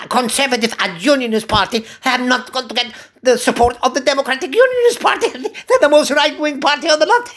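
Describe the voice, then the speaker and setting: A man's voice: very high voice, fairly bright tone. An older man from Cyprus, a barber, chatting in a rambling monologue and chuckling often. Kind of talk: casual monologue.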